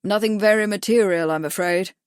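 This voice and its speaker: A woman's voice: mid-range voice, fairly quick, clean tone, dry recording, clean studio sound, lightly acted. A woman reading voices a courteous, genial older naval admiral. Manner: genial, polished.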